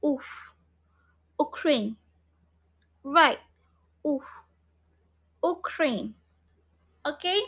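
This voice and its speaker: A woman's voice: sits high, animated, drawn-out words, long pauses, fairly bright tone. A woman teaching an online phonics lesson, repeating letter sounds and prompting her students. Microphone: online class, video call.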